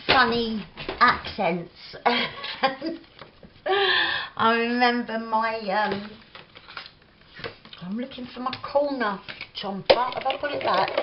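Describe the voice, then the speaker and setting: A woman's voice: mid-range voice, dull audio, noisy background. A woman with a Cockney accent, chatting casually and rambling through stories with many fillers while she makes a craft project at home. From England. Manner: rambling and chatty, lots of "like" fillers, laughs often. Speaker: craft vlogger. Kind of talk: chatty crafting vlog, reminiscing while working. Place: home kitchen craft table.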